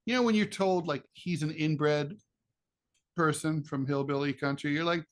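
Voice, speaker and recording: Middle-aged man, podcast co-host, rambling and jokey, slightly high voice. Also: fairly even intonation, moderate pace. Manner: rambling storyteller, jokey asides. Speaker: podcast co-host, political cartoonist. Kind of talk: casual political chat.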